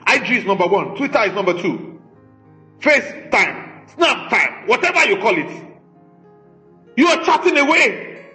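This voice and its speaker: A man's voice: high voice, very animated, normal speed, long pauses, pushed and bright. A man preaching a sermon as pastor, emphatic and rhetorical, scolding his congregation. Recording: echoey room with faint music.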